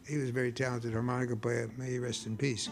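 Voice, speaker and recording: A man's voice: mid-range voice, flat delivery, fast, vocal fry, over music. An older man, a blues guitarist, telling wry, rambling stories on a concert stage between songs, often stumbling and restarting his words.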